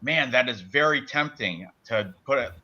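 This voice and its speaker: A man talks fight picks on a live stream in a loose, rambling way, tripping over names as he goes. His voice is bright and forceful. The audio is dull and lo-fi. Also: medium pitch, expressive, moderate pace. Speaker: betting podcast co-host. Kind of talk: casual live-stream sports betting chat.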